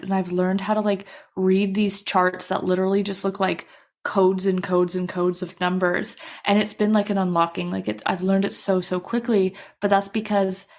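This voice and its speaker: A woman's voice: mid-range voice, darkish tone. Earnest woman podcast co-host. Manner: earnest, encouraging, many "like" fillers. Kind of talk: casual chat.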